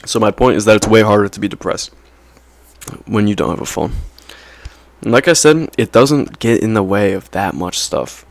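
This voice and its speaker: A man's voice: fairly low pitch, expressive, normal speed, vocal fry, no echo. A young man vlogging in a casual, rambling monologue, peppered with slang and "right?" checks.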